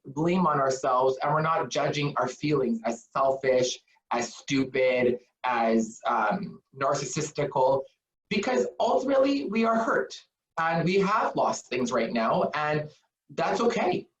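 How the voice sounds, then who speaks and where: Echoey, distant webinar counselor. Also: medium pitch. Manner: earnest, encouraging, rhetorical questions. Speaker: webinar presenter on mental health. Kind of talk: live webinar talk. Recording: echoey, distant, dull laptop audio.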